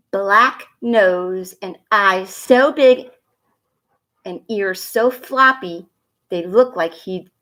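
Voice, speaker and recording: Slow, gentle woman reading a storybook. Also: medium pitch. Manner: gentle, expressive reading with chatty asides to the kids; a little nervous. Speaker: school staff reading a picture book aloud. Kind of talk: storybook read-aloud for children.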